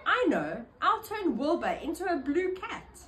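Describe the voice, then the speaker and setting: A woman reading a storybook aloud, putting on the voice of a cheerful, fussy female witch who talks in bright exclamations. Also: very high-pitched, big pitch swings, unhurried, a faint crowd, slight background noise, pitched above the performer's own voice, full character voice. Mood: pleased.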